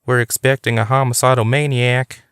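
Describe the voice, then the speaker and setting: A man's voice: mid-range voice, level tone, moderate pace, a bit bright, smooth, dry recording, studio quality, voice pushed up, close to an everyday voice. A man doing a bossy, nervous young guy. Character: fidgety young man laying down horror-movie rules.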